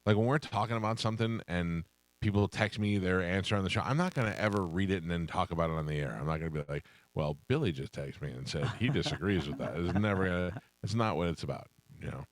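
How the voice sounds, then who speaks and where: A male radio host with a low, deep voice, spinning anecdotes in casual banter and slipping into the voices of the people in his stories. The sound is dry and close, from a studio microphone. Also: fast talker, dry recording. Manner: storytelling, acts out voices in anecdotes.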